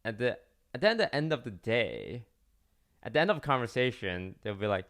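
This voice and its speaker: A man's voice: medium pitch, sing-song, brisk, a bit bright. A young man, a streamer, telling a story in a casual, rambling way with many fillers and restarts.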